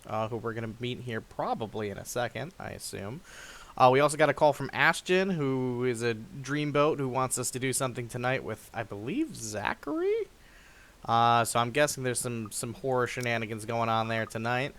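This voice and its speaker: Lively young man hosting a game playthrough. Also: medium pitch. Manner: lively, chuckling, reads narration dramatically. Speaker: let's play host. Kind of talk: gaming commentary reading a story aloud.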